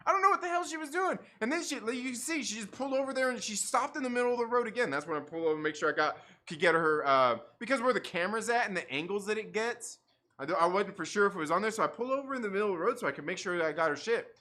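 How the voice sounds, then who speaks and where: Guy with a high bright voice, chatty livestream host, swears a lot, keeps laughing, lots of likes. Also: lively intonation, very fast. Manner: rambling, profane, many likes and restarts; laughs often while talking. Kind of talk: casual livestream chat.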